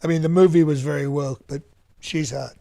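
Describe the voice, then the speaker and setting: Male comedian doing a rambling, self-praising older politician; high, gravelly delivery. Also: fairly even intonation, fairly quick, warm tone. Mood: boastful. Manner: bragging, repetitive, rambling asides. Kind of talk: live-stream comedy press conference.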